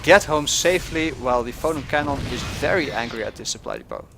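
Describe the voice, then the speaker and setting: A man's voice: mid-range voice, animated, fast, gravelly, noisy background. A man giving casual commentary on a strategy game match, with lots of fillers, restarts and small chuckles. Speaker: game caster.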